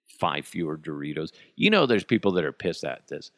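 A man's voice: sits low, moderate pace, no echo, clean studio sound. A man hosting a podcast, ranting in a profane, mocking, comedic way. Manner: swears constantly, animated and mocking. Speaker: podcast host.

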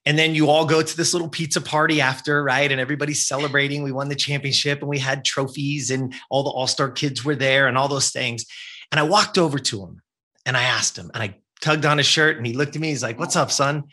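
A man's voice: medium pitch, fairly even intonation, fast talker, pushed and bright. A man, telling a personal story as a guest in an earnest, emphatic way and often checking in with "right?". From Southern California. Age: 50s.

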